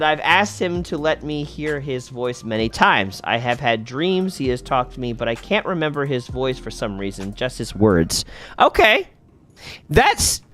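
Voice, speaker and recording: A man hosting a casual live gaming stream, chatting with viewers and thinking aloud while he plays. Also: on the high side.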